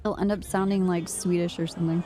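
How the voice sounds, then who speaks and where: A chatty woman streamer talks loosely to her viewers, rambling through stories and breaking into laughs. Her voice sits on the low side, with a faint hiss of noise behind her. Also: flat delivery, fast talker, warm tone. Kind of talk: casual chat with stream chat.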